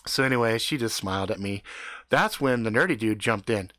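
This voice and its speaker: A man improvising a crude comedic story, animated and playful, recorded close on a mic. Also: lowish voice, a little fast, dry recording.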